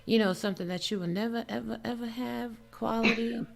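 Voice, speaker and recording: Brash gravelly New York woman. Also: on the high side, fast talker, darkish tone. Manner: brash, profane, boastful. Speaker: podcast co-host. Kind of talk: casual chat.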